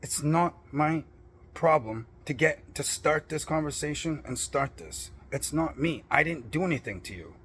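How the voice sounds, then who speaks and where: A man's voice: a little high, lively intonation, moderate pace, fairly bright tone, slight background noise. A middle-aged man in a blunt, profane personal rant, defiant and boastful about his principles. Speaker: vlogger.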